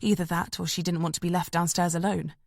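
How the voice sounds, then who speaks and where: Woman narrating an audiobook, lowish voice, measured and tense, dry close mic. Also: level tone, gravelly, dry recording. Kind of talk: scripted narration.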